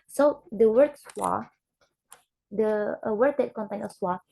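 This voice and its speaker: A young woman, a student giving a class presentation, who talks haltingly and repeats example words aloud. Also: medium pitch, creaky, mellow, rough recording. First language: Indonesian.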